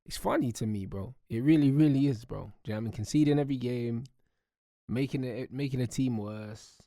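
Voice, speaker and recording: Brief: laid-back co-host, gravelly and dark-toned, dry sound. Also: male voice, mid-range voice, fairly quick, dry recording. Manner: laid-back, amused, agreeing. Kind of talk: casual chat.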